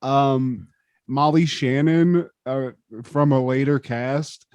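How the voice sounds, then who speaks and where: A man's voice: medium pitch, steady tone, slow, a little mellow, smooth, dry recording. A man co-hosting a casual podcast chat, crude and jokey, laughing often. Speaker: podcast co-host.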